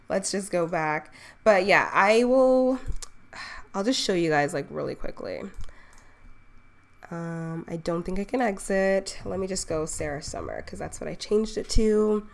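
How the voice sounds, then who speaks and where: A woman's voice: fairly low pitch, expressive, a little slow, gravelly. Chatty young woman from the Bahamas. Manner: chatty, often checking in with "okay?" and laughing at herself. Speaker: online business owner hosting a live stream. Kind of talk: casual live-stream presentation.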